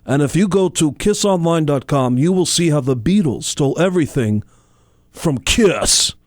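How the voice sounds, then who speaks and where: A man doing an impression of a boastful, gruff male rock star with a pushy sales-pitch delivery. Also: expressive, moderate pace, no room sound, studio quality, lightly acted.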